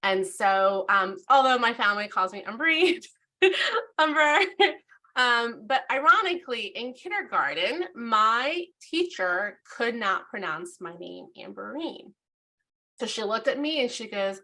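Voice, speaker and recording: A woman's voice: medium pitch, expressive, unhurried, bright, forceful tone. A woman hosting an education webinar, talking casually and animatedly as she tells her own story. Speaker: webinar host. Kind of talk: casual presentation.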